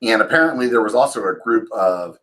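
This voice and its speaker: Casting: man in his forties, lowish voice, casual rambling storyteller, curses a lot, raises his voice for quotes. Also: expressive, fairly quick, a bit bright, low-quality recording. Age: 40s. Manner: swears freely, rambling with fillers and restarts. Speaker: channel host.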